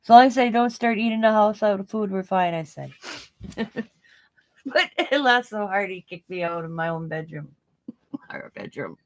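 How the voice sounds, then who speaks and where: A woman's voice: mid-range voice, moderate pace. Crafty lady chatting at home, giggly, rambles and repeats herself, bit of a stutter. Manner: giggly, laughs often. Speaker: craft channel host. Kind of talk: casual chat while crafting.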